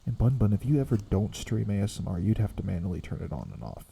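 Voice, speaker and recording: A young man streaming as a VTuber, rambling softly in a quiet ASMR chat that slips into whispers. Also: on the low side, big pitch swings, fast talker, vocal fry, husky. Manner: soft rambling, drifting between quiet voice and whisper.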